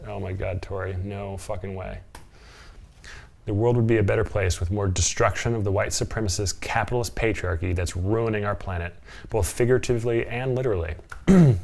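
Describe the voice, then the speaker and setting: A man's voice: lowish voice, vocal fry, darkish tone. A man reading dating profiles aloud and mocking them sarcastically with frequent chuckles, in a casual reaction vlog. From from Portland area.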